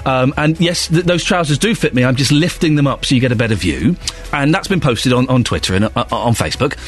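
A man hosting a radio phone-in in a playful, animated, jokey way. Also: mid-range voice, fairly quick, soft background music.

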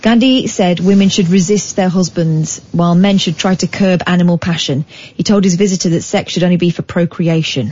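A woman co-hosting a radio show, reading aloud in a dry, patient, steady way. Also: fairly low pitch, brisk, muffled recording. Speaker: radio co-host.

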